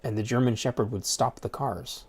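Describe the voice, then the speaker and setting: A man's voice: medium pitch, steady tone, normal speed, darkish tone, slightly rough. A man ranting in a casual, rambling way, swearing often and repeating words as he restarts his sentences. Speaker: streamer. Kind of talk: casual rant.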